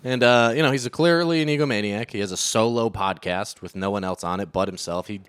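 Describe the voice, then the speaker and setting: A man co-hosting a casual comedy podcast, telling stories in a wry, deadpan way. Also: lowish voice, fast, clear, resonant tone, no room sound, clean studio sound. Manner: wry, deadpan storytelling with quoted asides. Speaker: podcast co-host.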